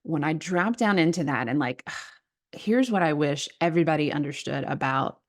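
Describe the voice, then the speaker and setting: A woman with a Southern American accent, a writing coach talking earnestly on a podcast, musing and laughing softly as she speaks. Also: sits low, moderate pace. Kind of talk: reflective podcast conversation.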